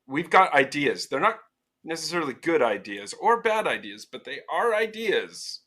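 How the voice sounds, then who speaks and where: A man's voice: a little high, big pitch swings, sharp tone. A man co-hosting a podcast, trading jokes and teasing banter in a casual chat. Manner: joking, teasing, drawn-out delivery. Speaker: podcast co-host.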